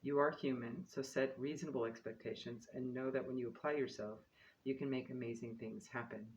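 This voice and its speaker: A man giving a tarot-style card reading and reading guidance aloud, calm and encouraging, with casual asides and a light laugh at his own slips. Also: mid-range voice, fairly quick, dull audio, a little hiss or hum. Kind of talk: spiritual card reading, reading guidebook text aloud.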